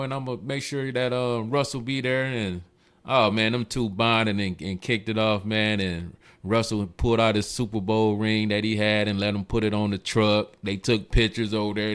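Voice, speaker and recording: A man's voice: moderate pace, smooth. A man, a car club president, telling stories in a casual interview and acting out the voices of the people he quotes. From Michigan. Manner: animated, acts out quoted voices with big jumps in pitch.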